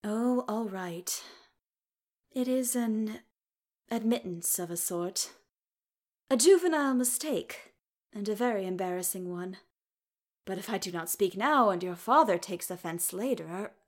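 Brief: soft-spoken formal elf man, read by a woman, halting, slow storybook delivery. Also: mid-range voice, expressive, close to an everyday voice. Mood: earnest. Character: young male elf, gentle, formal, hesitant. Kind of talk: audiobook character reading.

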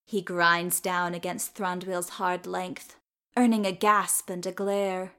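A woman reading fiction aloud in a measured, unhurried storytelling manner. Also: lowish voice, little pitch movement, bright, forceful tone, clean tone. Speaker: reader.

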